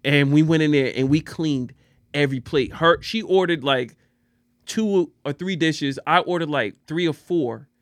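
A man's voice: on the high side, unhurried, dry recording, clean studio sound. A man telling stories in a casual podcast chat, slangy and laughing often.

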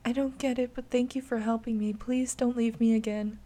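A woman's voice: fairly even intonation, normal speed, warm tone, lightly acted. A woman doing a terrified tearful little girl. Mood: scared pleading. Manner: pleading, high and shaky.

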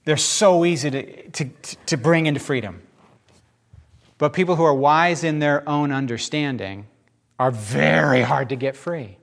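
A man preaching a sermon as pastor, with casual asides and lively storytelling in which he acts out the people he quotes. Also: on the high side, unhurried, creaky.

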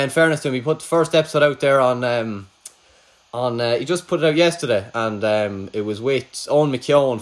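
A man with an Irish accent hosting a podcast in casual chat, laid-back, swearing freely and laughing easily. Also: medium pitch. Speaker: podcast host.

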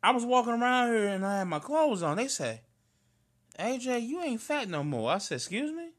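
Animated, bright-voiced St. man. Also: very high voice, moderate pace. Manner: loud, animated storyteller, slangy and emphatic. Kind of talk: casual chat between cousins.

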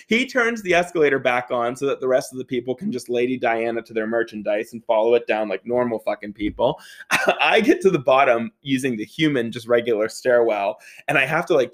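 Animated, profane male storyteller. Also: mid-range voice, fairly quick. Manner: animated, profane, laughing often, acts out quotes. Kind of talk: comedic personal anecdote.

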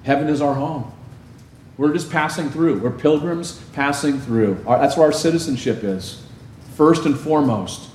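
A man's voice: fairly high pitch, normal speed, darkish tone, a little hiss or hum. A man preaching a sermon as a pastor. He talks in a conversational way and keeps asking the congregation questions. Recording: echoey room, faint ambience.

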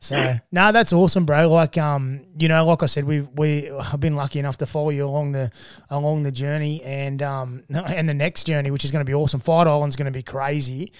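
A man's voice: fairly high pitch, fairly even intonation, a little fast, clean tone, no room sound, studio quality. An Australian man hosting a casual podcast interview, chatty and encouraging, often calling his guest mate or bro. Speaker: podcast host.

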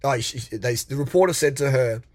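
A man's voice: mid-range voice, fairly quick, dry recording. A middle-aged man giving a blunt, profane motivational rant as a coach, mocking and laughing often. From Australia.

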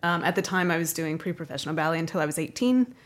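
A woman's voice: low-pitched, expressive, fast. Chatty North American woman guest. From North America, half Canadian, half American. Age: 30s. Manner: laughs often, chatty with many fillers. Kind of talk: casual interview chat.

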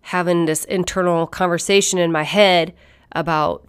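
A woman's voice: fairly low pitch, steady tone, normal speed, smooth. A woman coach telling a casual, blunt story with frequent swearing and laughter. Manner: blunt and profane, laughs often. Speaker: fitness and nutrition coach.

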